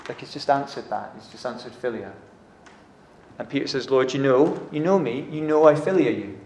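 A man's voice: mid-range voice, moderate pace, darkish tone, slight background noise. A man preaching a casual, chatty sermon, often acting out the dialogue. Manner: conversational, uses "like" and acts out dialogue. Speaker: pastor. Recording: echoey room.

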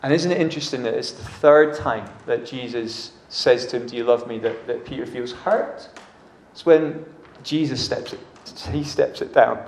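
Casual preacher in an echoey hall. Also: male voice, mid-range voice, moderate pace, a little hiss or hum. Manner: conversational, uses "like" and acts out dialogue. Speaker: pastor. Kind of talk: sermon. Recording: echoey room.

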